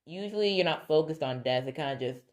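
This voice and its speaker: A woman's voice: low voice, lively intonation, fast talker. A woman vlogger talking casually to her viewers, rambling and correcting herself, laughing often. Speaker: video creator. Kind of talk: casual talk to camera.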